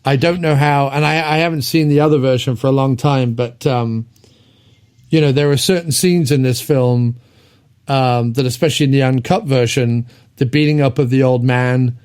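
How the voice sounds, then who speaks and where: A man hosting a podcast, reviewing an old movie in casual chat, rambling with lots of ums and quick laughs. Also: medium pitch, steady tone, darkish tone, clear, resonant tone. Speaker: podcast host.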